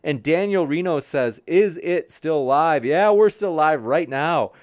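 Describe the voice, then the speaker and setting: Unhurried and animated, a man with a somewhat high, slightly mellow voice hosts a debate livestream in clean studio audio without room sound. He reads viewer messages and answers them warmly and cheerfully, getting tripped up by people's names.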